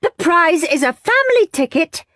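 A woman's voice: big pitch swings, normal speed, dry recording, studio quality, heavily acted. A woman playing a snapping strict schoolteacher. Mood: stern. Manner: snapping, high and loud when bellowing. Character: stern, sharp-tongued strict female schoolteacher.

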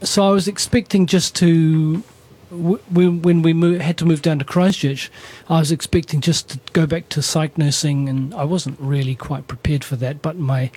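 A man's voice: a little high, steady tone, moderate pace, few pauses, a little mellow, slightly rough. A man, an animator chatting in an interview, often correcting himself and laughing easily. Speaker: animator guest. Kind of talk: conversational interview.

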